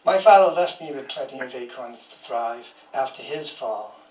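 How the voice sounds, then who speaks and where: A man's voice: mid-range voice, animated, normal speed, darkish tone. A man in his sixties reading his own poems aloud as a guest poet, with dry humor and chuckling asides between pieces. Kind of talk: poetry reading with casual asides. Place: small historic house, indoors. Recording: roomy sound from a distant mic.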